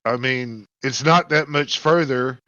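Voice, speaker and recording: A man's voice: mid-range voice, unhurried, sharp tone, dry recording, muffled recording. A man playing in a tabletop game, chatting casually, swearing freely and restarting his sentences. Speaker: player.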